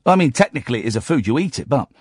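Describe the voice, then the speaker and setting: A man's voice: mid-range voice, very animated, very fast, darkish tone, slightly rough, dry recording, studio quality. A man hosting a late-night radio show, rambling and sardonic, with bursts of mock outrage. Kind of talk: casual talk radio monologue. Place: radio studio. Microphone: studio microphone.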